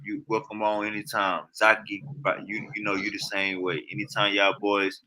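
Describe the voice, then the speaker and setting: A man hosting a live-stream debate, calming his guests in a laid-back, repetitive way. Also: lowish voice, normal speed.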